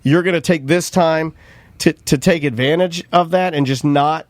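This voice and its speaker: Male podcast co-host, heated ranting storyteller, slightly high voice, dry close sound. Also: moderate pace, dry recording. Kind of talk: casual chat.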